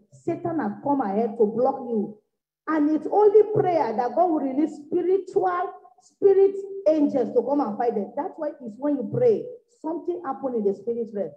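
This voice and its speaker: Woman evangelist, high voice, fiery revival preaching, echoey room. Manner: exhorting, repetitive, swinging from soft to loud bursts. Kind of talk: revival sermon. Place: church meeting room. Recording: echoey, dull lo-fi room recording.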